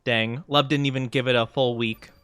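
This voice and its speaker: A man's voice: medium pitch, fairly even intonation, normal speed, a bit bright, faint music behind. A man chatting casually on a live stream, giggling often and answering his chat.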